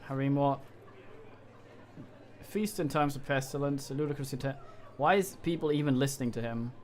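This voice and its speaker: A man's voice: mid-range voice, normal speed, darkish tone, a little hiss or hum. A man streaming a game, reading its text aloud with casual, wry and crude asides.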